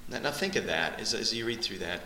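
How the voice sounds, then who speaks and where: Male Bible teacher, piercingly bright voice, animated expository style, echoey room. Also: a little fast, slight background noise. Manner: animated, surges in pitch on key points.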